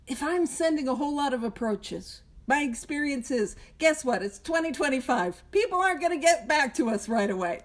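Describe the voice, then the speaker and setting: A woman from Canada with a high voice speaks at a recovery meeting. She talks conversationally, with plenty of self-deprecating jokes. She comes through a video call.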